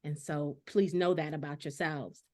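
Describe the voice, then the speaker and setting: A woman's voice: low-pitched, fairly even intonation, normal speed. A middle-aged woman hosting a casual panel discussion, speaking earnestly and reading out viewer comments. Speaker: host.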